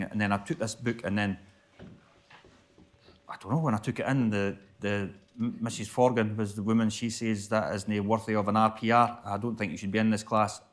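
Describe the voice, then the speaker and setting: A man with a Stirlingshire Scottish accent, a poet answering audience questions at a live book festival, rambling with restarts. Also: lowish voice. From Stirlingshire, Scotland. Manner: rambling, repeats and restarts, chatty. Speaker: guest poet.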